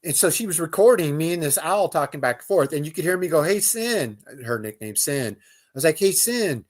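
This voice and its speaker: A man with a somewhat high-pitched voice tells his story in a loose, rambling way. He restarts his sentences, uses plenty of fillers, and breaks into imitations of the calls and sounds he describes. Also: animated, fast. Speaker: guest recounting an outdoor encounter. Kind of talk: casual spoken storytelling.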